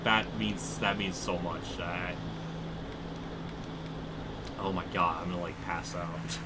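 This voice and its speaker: A man's voice: low voice, fairly even intonation, slow, very noisy. A young man streaming a racing game live, casually thinking aloud about his race as he drives. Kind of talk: live gameplay commentary.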